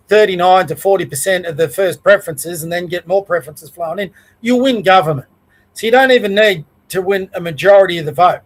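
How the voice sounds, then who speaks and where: A middle-aged Australian man hosts his own show, talking in a rambling, conversational way. His voice sits fairly high for a man. He speaks plainly and stops now and then to correct himself. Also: poor audio. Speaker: podcast host. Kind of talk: casual political rant.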